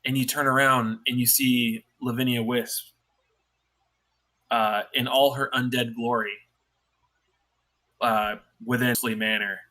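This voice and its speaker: A man's voice: medium pitch, little pitch movement, slow, pauses often, bright, forceful tone. A man narrating as dungeon master in a tabletop game, in a loose style full of fillers.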